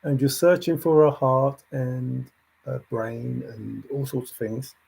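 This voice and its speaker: A man's voice: mid-range voice, steady tone, slow pace, creaky, darkish tone, breathy edge. A man hosting a livestream, thinking aloud in a rambling way and answering chat comments as they come in. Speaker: livestream host.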